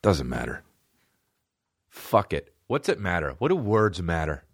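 A man's voice: deep voice, big pitch swings, measured pace, gravelly, breathy edge, no room sound. A man hosting a podcast, talking in a rambling, profane, comedic monologue from a studio. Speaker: podcast host.

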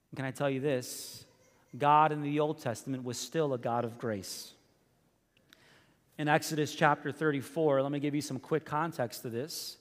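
A man preaching a sermon, telling the story with lively voices, swinging from loud bursts to hushed, intimate asides. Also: high-pitched. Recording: reverberant hall with faint music.

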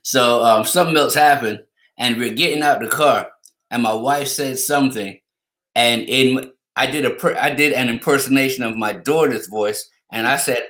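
A middle-aged man co-hosting a podcast, telling family stories in a relaxed way and laughing through them. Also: mid-range voice, unhurried. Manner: laid-back storyteller who laughs through his anecdotes. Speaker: podcast co-host. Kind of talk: casual podcast chat. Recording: roomy echo.

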